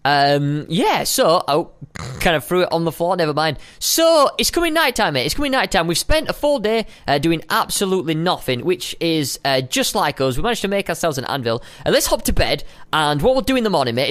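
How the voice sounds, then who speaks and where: A young man giving playful, chatty commentary while playing a survival game, now and then breaking into high squeals. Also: very animated, a little fast, a bit bright. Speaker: gaming video host. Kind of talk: casual gameplay commentary.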